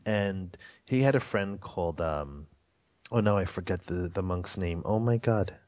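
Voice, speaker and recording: A man's voice: sits low, a little slow, darkish tone. A man telling a story as a radio interview guest, rambling with fillers and frequent chuckles. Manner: rambling, many fillers and restarts, chuckles often. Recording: dull lo-fi audio.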